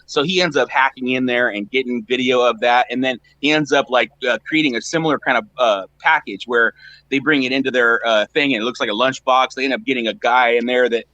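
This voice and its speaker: Bright-voiced rambling man. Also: medium pitch, steady tone, no echo, dull audio. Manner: rambling, halting storyteller with many restarts. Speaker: panelist on a live stream. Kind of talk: casual chat.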